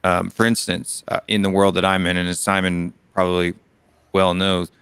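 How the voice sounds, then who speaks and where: A man's voice: sits low, monotone, moderate pace, vocal fry, a bit bright, smooth, no echo. A man with an American Southern accent, co-hosting a casual debate chat and making his case earnestly with many restarts.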